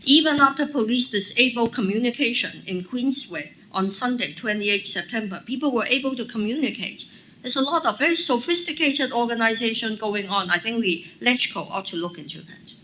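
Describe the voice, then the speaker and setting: A woman, a legislator answering audience questions at a panel, assertive and quick to fire back rhetorical questions. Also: fairly high pitch, expressive, sharp tone, slight background noise, poor audio. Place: press club event room.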